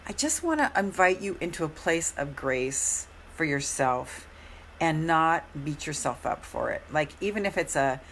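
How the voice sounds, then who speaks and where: A middle-aged woman with a hoarse, very low voice talks warmly to viewers in a live coaching stream. She is gentle and encouraging and repeats her phrases softly. A faint hum sits under the recording. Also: big pitch swings, measured pace.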